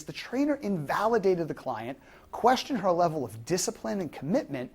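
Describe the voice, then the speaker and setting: Husky, animated woman teaching fitness coaching. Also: lowish voice. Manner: explanatory, poses rhetorical questions. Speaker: fitness instructor. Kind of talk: instructional lecture.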